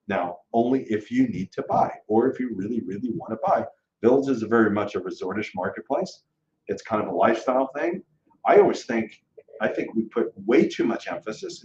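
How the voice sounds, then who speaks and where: A man, a real estate broker, giving an emphatic, animated rant to camera and acting out his clients' thoughts. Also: mid-range voice, echoey room, muffled recording. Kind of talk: casual ranting monologue to camera.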